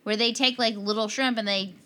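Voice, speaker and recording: A woman's voice: on the high side, fairly even intonation, fairly quick, fairly bright tone. A woman co-hosting a casual podcast chat, rambling loosely with plenty of fillers. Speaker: podcast co-host.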